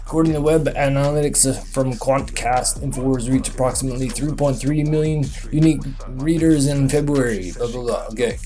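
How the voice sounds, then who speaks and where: A man hosting a comedy show, reading a web page aloud with sarcastic commentary and sudden high, excited outbursts. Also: a little fast, few pauses. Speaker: host.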